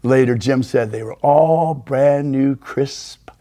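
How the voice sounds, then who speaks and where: An older man hosting a podcast, telling unhurried anecdotes and quoting people in a lowered voice. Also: dark tone. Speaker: podcast host, storyteller. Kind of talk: casual storytelling interview.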